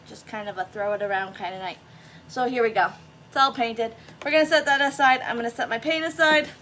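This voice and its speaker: Woman craft vlogger, bright high voice, chatty and self-mocking, slight background noise. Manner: chatty, self-deprecating, talks to viewers as guys. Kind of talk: casual crafting tutorial.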